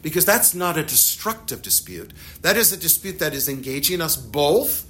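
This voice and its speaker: A man teaching a religious text to a class, lively and animated, acting out little dialogues as he explains. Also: on the high side, normal speed. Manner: animated, acts out dialogues with shifting loudness.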